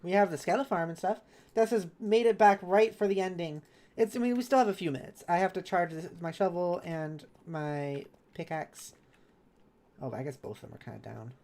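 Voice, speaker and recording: A woman's voice: fairly low pitch, brisk, darkish tone. A woman streamer in casual live chat while gaming, reading viewers' messages aloud and answering them kindly. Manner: chatty and self-correcting, with laughs.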